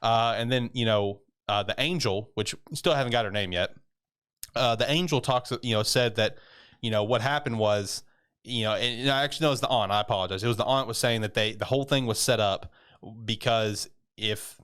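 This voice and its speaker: A man's voice: medium pitch, a little fast, a bit bright, clean tone. A man co-hosting a casual podcast, recapping a cartoon episode in a rambling, loose way with lots of fillers and casual swearing. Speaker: podcast co-host. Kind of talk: casual chat.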